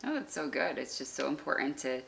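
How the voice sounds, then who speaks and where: A woman's voice: low-pitched, sing-song, a little fast, gravelly, noisy background. A woman with children, co-hosting a church devotional talk in an earnest, encouraging way. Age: adult with children. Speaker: co-host.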